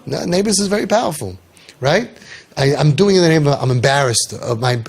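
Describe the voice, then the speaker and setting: A man's voice: on the high side, lively intonation, brisk, gravelly, breathy edge. A man coaching parents in an impassioned talk, telling stories and firing off rhetorical questions with emphasis.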